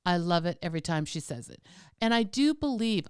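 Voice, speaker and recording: Clear-voiced woman co-hosting a podcast. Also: fairly low pitch, fairly quick, no room sound, clean studio sound. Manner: lively, explains step by step with many tag questions. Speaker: podcast co-host. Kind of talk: casual chat.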